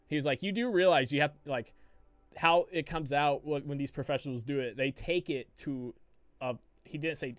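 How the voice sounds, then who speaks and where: A man's voice: medium pitch, clean tone, no echo. A man co-hosting a podcast, telling a long, rambling, profane story full of restarts in casual chat. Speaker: podcast co-host.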